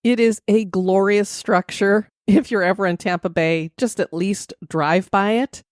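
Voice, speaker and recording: A woman hosts a podcast in a relaxed, chatty way, with her voice at a middle pitch. The recording is close and dry, with no room sound. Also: unhurried, no echo. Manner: chatty and conversational. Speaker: podcast host. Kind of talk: casual podcast chat.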